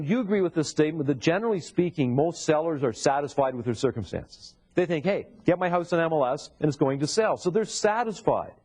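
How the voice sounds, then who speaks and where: A man's voice: fairly high pitch, a little mellow. A man teaching real estate sales to a live seminar audience, often putting questions to the room and repeating key points. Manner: asks the audience rhetorical questions. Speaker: sales trainer. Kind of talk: seminar lecture.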